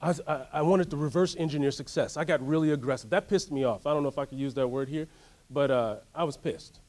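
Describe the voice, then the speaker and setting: A man giving a motivational workshop talk, telling a story in an animated way and asking the audience to join in. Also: fairly high pitch, quick pace. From United States. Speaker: workshop speaker. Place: workshop room.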